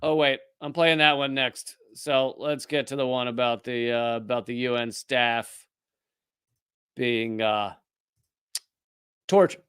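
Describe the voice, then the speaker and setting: A man hosting a live political commentary show, talking in a sarcastic, rapid-fire way with frequent restarts. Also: mid-range voice, little pitch movement, a bit bright, clear, resonant tone, no room sound. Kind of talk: live news commentary monologue.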